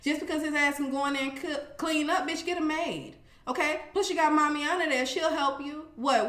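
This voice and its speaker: A woman's voice: high voice, brisk, few pauses, a bit bright. A woman giving a blunt, sassy, casual recap of a reality show, swearing and talking straight to her viewers. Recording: roomy echo.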